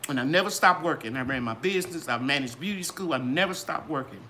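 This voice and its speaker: An older woman talks to her viewers in a live gardening Q and A. Her voice swoops up and down in a sing-song way. Her tone is bright and ringing, like a trained singer's. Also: fast, a little hiss or hum. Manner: animated, sing-song ups and downs in pitch. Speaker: gardening channel host. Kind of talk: live Q and A chat.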